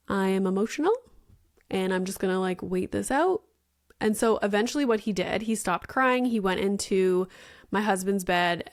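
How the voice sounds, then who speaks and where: A woman in her thirties hosting a podcast, telling a parenting story in a chatty, casual way, full of "like" fillers and casual swearing. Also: medium pitch. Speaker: podcast host.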